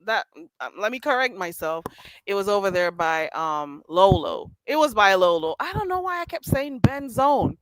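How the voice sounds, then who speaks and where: A woman's voice: medium pitch, very animated, normal speed, a bit bright, dry recording, low-quality recording. A woman hosting a casual livestream, chatting and teasing viewers by name and laughing often. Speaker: livestream host. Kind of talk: casual chat reading live chat. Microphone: streaming mic.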